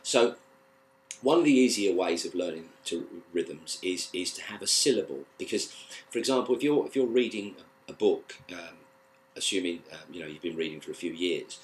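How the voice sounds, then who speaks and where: A man with a British accent teaching a guitar lesson, explaining in a relaxed, halting way with plenty of fillers and restarts. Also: sits low. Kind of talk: casual spoken lesson.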